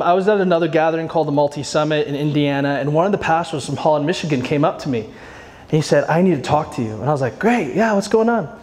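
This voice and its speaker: Male youth ministry leader, higher register, easygoing conference-talk delivery, playful storyteller who acts out the quotes. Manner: chatty storyteller, acts out quoted voices, frequent "like"; self-deprecating humor. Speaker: youth ministry director speaking at a workshop. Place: live conference workshop.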